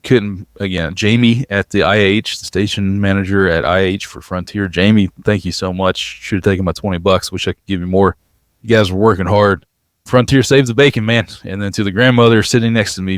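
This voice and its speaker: Deep-voiced man telling a travel story. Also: a little fast, no room sound, studio quality. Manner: animated storyteller, acts out quoted voices. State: exhausted after a long travel day. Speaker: podcast co-host. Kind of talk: casual travel podcast storytelling.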